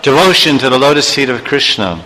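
A man's voice: mid-range voice, expressive, brisk, bright, forceful tone, long reverb tail, slight background noise, low-quality recording. A man teaching a sermon through a story, with chuckling asides and chanted verses. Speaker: spiritual teacher.

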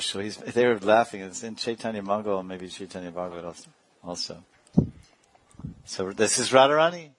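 Low-voiced man giving a rambling talk. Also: dry recording. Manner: digressive, chuckling often. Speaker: spiritual teacher. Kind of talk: devotional discourse.

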